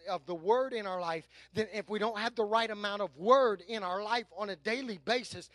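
A man preaching a sermon as pastor, shifting from loud emphatic declarations to hushed, self-aware asides and often repeating words as he builds. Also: sits high, dry recording.

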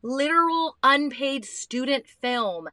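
A young Canadian woman talks frankly and excitably with a close friend, swearing now and then. Her voice is bright and fairly high. The recording is dry, with almost no room sound. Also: takes it slowly, no room sound. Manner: candid, excitable, swears casually. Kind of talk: casual chat.

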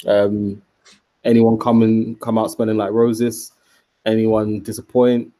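A man's voice: fairly low pitch, completely flat delivery, slow pace, warm tone. A man with a British accent hosting a casual basketball podcast, bantering and laughing easily over a video call. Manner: banter-heavy, laughs often. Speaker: podcast host. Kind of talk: casual chat.

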